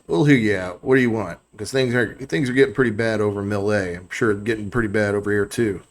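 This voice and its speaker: A man voicing a wary adult male militia leader in a tabletop game, who speaks in a halting drawl full of hesitations. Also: lowish voice, lightly acted.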